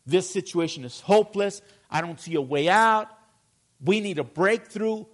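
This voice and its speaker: A man's voice: high voice, expressive, voice pushed up. A man voicing a worried parent who prays in despair, talking in a panicky, pleading way. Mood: panicked. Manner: panicky, pleading, rushing from fear to fear.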